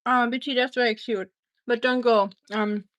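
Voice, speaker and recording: Chatty German-accented woman, slightly high voice. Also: steady tone, normal speed, a bit bright, highs cut off. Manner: chatty, reads viewer comments aloud and answers them. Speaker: live-stream cooking host. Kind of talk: casual live-stream chat while cooking.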